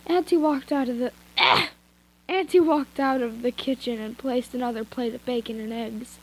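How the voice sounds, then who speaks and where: A woman's voice: on the high side, steady tone, moderate pace, low-quality recording. A young woman with a stuffy nose casually reading fan fiction aloud, giggling and breaking off into chatty asides. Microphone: headphones with mic.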